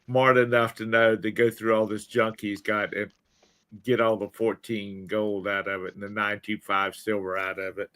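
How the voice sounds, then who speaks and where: A man's voice: lowish voice, level tone, normal speed, a bit bright, smooth. A tired man co-hosting a casual live chat, rambling and correcting himself as he goes. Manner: rambling, self-correcting, yawning. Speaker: co-host of a livestream.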